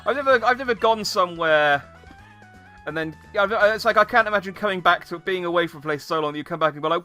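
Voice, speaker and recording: Man, let's-play commentary, rambling, jokey, lively bright voice, music faint behind. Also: high-pitched, quick pace. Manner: rambling, jokey, many fillers. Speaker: game streamer.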